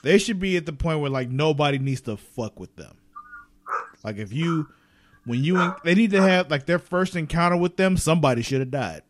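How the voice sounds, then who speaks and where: A young man co-hosting a podcast, talking in loose casual chat with a fairly high, very lively voice that swings up and down. He laughs often and swears freely, and the sound is dry and close. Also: normal speed, no room sound. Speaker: podcast co-host.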